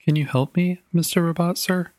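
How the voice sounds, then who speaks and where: A man's voice: steady tone, normal speed, a little mellow, dry recording, close to an everyday voice. A polite little girl, put on by a male narrator, her voice lifted well above his usual tone as she pleads earnestly. Dry, close storybook reading. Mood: pleading. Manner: polite, repetitive, higher pitched.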